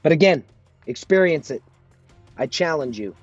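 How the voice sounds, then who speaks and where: A man's voice: on the high side, animated, moderate pace, slightly rough, no room sound, highs cut off, faint music behind. A married man hosting his own podcast alone, talking earnestly and motivationally, repeating phrases for emphasis. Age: adult, married. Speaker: podcast host. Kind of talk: solo podcast monologue.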